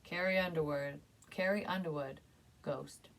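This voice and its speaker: A woman's voice: deep voice, measured pace. A woman giving a casual tarot reading, chatty and emotional, swearing now and then. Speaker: psychic tarot reader.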